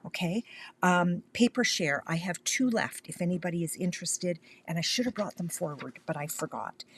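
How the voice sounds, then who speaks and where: Chatty older woman with a deep, gravelly voice. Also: a little hiss or hum. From Canada. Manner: chatty, reassuring, often drops to a near whisper. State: has the hiccups. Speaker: independent craft demonstrator. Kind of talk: live-stream craft chat.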